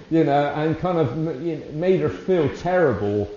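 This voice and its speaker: A man giving an informal devotional talk, rambling and warm-hearted, often chuckling between thoughts. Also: fairly high pitch, expressive, moderate pace. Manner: rambling, warm-hearted, with frequent fillers and restarts; chuckles often while speaking. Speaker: lay preacher. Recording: dull, roomy sound.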